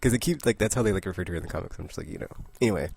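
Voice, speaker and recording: Low gravelly-voiced man rambling about comics. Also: animated, a little mellow. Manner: rambling, chatty, quick asides and little laughs; acts out comic characters in quick voices. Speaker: comic book vlogger. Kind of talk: casual comic book review.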